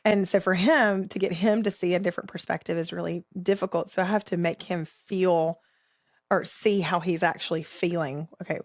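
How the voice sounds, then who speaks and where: Candid thirties mom podcaster, low pitch, laughs easily, dry studio-close sound. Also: female voice, steady tone, moderate pace, no room sound. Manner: candid, laughs often, quotes herself talking to her kids. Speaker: podcast co-host. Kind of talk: casual faith podcast chat.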